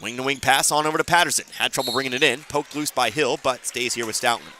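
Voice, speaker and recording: A man calling high school basketball play-by-play for radio, with a bright, forceful voice. He rattles off passes and scores, then drops wry comments between plays. Faint gym noise and bouncing balls sit behind him. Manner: quick play-calling with dry asides. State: hiccuping. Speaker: play-by-play announcer.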